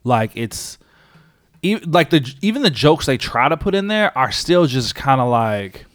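Animated young man, dry close mic. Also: mid-range voice, a little slow, no room sound. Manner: animated, swearing, mimics voices. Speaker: podcast co-host. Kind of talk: casual movie review chat.

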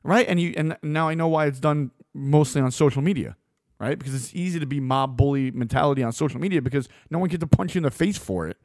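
A man delivering a blunt, opinionated monologue as a host, swearing freely and getting animated. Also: on the high side, fast talker, dry recording, clean studio sound.

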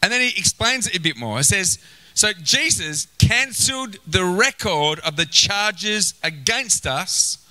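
Man, pastor preaching, lively swooping pitch, bright forceful tone. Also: measured pace, poor audio. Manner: animated, acts out inner voices, exclaims. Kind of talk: sermon.

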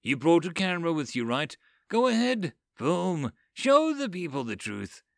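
A man's voice: on the high side, wildly swooping pitch, unhurried, creaky, no room sound, voice pushed up, full character voice. A man voicing a world-weary, sardonic male occult fixer who mutters dry, brusque remarks. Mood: mocking.

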